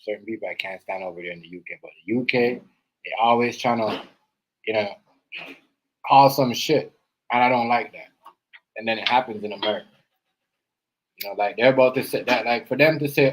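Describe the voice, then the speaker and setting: A man hosting a live stream, rambling through casual reaction commentary and swinging between loud outbursts and quiet asides. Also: mid-range voice, fairly quick, pauses often, poor audio. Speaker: stream host. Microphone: live stream setup.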